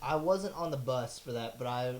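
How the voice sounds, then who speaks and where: A young man recalling school sports days in a relaxed, chuckling casual chat. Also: mid-range voice, normal speed, a little hiss or hum.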